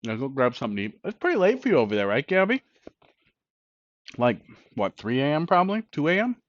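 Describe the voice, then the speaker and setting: A man's voice: fairly high pitch, very animated, quick pace, no echo. A man hosting a casual cooking live stream, chatting bluntly and profanely while he eats, heard on dull lo-fi stream audio.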